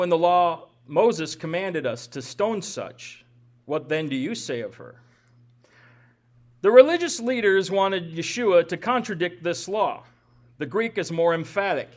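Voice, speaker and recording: A man giving a verse-by-verse Bible teaching, lecturing with emphasis and dropping in wry asides. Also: a little high.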